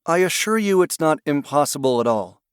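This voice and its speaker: A man voicing a calm, assured woman who handles a search dog. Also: a little high, brisk, clear, resonant tone, dry recording, clean studio sound, pitched above the performer's own voice, natural voice.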